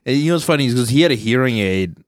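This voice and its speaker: A man hosting a comedy podcast in loose, crude banter, dropping into silly voices for punchlines. His voice sits at an ordinary middle pitch, recorded close and dry with no room sound. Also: lively intonation, no room sound. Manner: swearing, joking, does quick silly voices. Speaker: podcast host. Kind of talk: casual chat.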